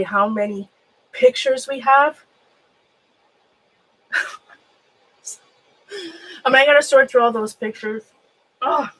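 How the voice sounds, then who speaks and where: A woman with a fairly high voice talks casually to viewers who are watching her live. She drifts from thought to thought, often breaks off mid-sentence and starts over, and pokes fun at herself as she goes. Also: a little hiss or hum. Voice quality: rambling, trails off and restarts mid-sentence. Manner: chatty and self-mocking, laughs often. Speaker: craft room vlogger. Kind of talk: casual live-stream chat.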